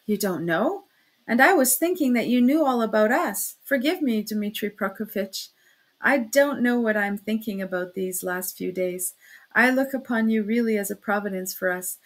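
A woman's voice: medium pitch, lightly acted. A woman voicing an anxious, fluttering older mother who speaks timidly and keeps exclaiming, reading a classic novel aloud. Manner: flustered, exclaiming.

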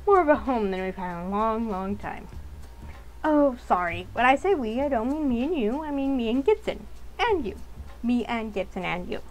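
A woman's voice: on the high side, big pitch swings, moderate pace, low-quality recording. A woman voicing a young female grifter supervillain, reading her lines from a visual novel aloud with wry, self-deprecating asides. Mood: flustered.

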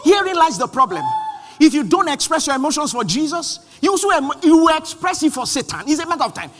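High-pitched animated preacher. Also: male voice, fast talker, background noise. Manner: animated, shouting refrains, acts out quoted voices. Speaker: pastor. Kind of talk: sermon. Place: large church hall. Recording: long hall reverb.

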